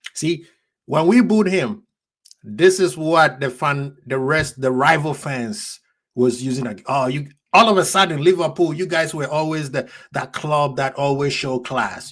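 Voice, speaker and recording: A man's voice: a little high, fairly bright tone. A man hosting a fan reaction stream, passionate and preachy, ranting at rival fans. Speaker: fan channel host.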